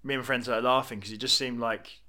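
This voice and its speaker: A man's voice: mid-range voice, steady tone, quick pace, pushed and bright. A young man rambling through a casual, jokey film chat with lots of fillers.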